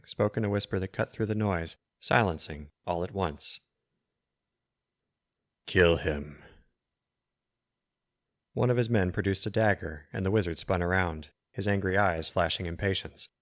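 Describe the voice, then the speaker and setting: A man reading his own short story aloud as narration, measured and dramatic. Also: low voice. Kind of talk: scripted narration of an original story. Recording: home mic.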